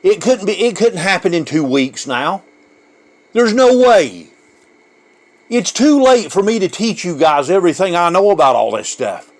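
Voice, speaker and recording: Fervent, high-voiced male preacher. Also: very animated, moderate pace. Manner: fervent, emotional, repeats words and restarts. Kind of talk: preaching a sermon.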